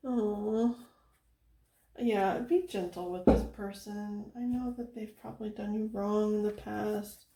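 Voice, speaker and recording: Soft-spoken woman with a gravelly, mellow voice. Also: medium pitch, steady tone, slow pace, reverberant. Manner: giggly, chatty, soft-spoken, with frequent fillers. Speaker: tarot reader. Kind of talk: casual tarot reading.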